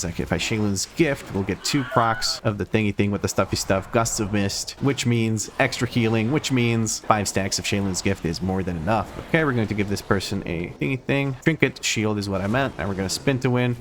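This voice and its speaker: A man's voice: lowish voice, a little hiss or hum. A young man giving rambling, self-deprecating live commentary on his own gameplay, talking through every move as he makes it. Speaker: gaming video host.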